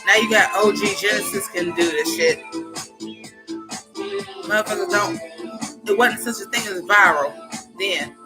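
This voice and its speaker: A woman's voice: medium pitch, a little slow, long pauses. A woman hosting a casual livestream, chatting loosely, swearing freely and reacting to songs as they play. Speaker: livestream host. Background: loud music playing.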